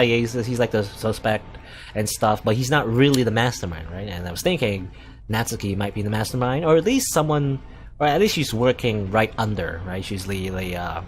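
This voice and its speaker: A man's voice: lowish voice, a little hiss or hum. A young man casually commenting on a visual novel as a let's play host, rambling with lots of likes and rights.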